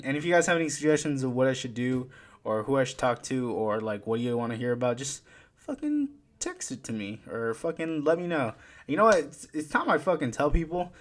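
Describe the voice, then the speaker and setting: Young male host, loose rambling chat, lots of swearing and laughs, average pitch. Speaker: podcast host. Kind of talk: casual podcast chat. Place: home.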